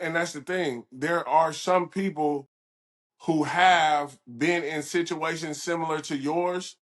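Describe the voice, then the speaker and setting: A man hosting a podcast, reflecting on what his guest said in a measured, thoughtful way. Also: fairly high pitch, a bit bright. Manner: measured, reflective commentary with frequent affirmations. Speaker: podcast host. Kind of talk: casual interview chat.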